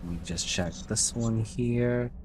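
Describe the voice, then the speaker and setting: A man narrating as game master of a tabletop role-playing game, relaxed and at times slow and descriptive. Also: mid-range voice, noisy background.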